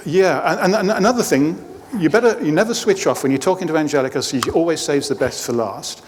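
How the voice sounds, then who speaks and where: A man's voice: on the high side, quick pace. A middle-aged man, a performance coach, giving a talk to a live audience and telling anecdotes with light humor. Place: lecture hall. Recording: reverberant hall.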